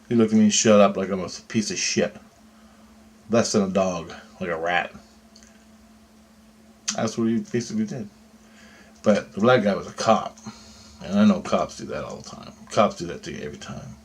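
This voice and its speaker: A man telling a story in a rambling, agitated spoken monologue, swearing often and checking in with "right?". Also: low voice. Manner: profane, agitated, conversational with repeated "right?". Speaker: vlogger recounting a dream.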